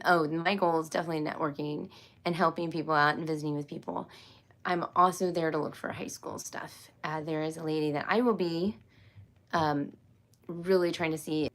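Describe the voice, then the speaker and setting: A woman's voice: deep voice, steady tone, a little slow, pauses often. Giggly rambling woman livestreaming. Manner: rambling, giggly, apologetic and self-interrupting. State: tired and loopy after a long workday. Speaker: homeschool livestream host. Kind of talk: casual livestream chat with viewers.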